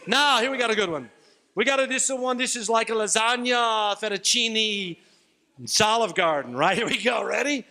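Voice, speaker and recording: A man's voice: high-pitched, expressive, a little fast, pushed and bright. A middle-aged man, a retreat speaker, giving a playful, jokey youth sermon and leading the crowd in call-and-response.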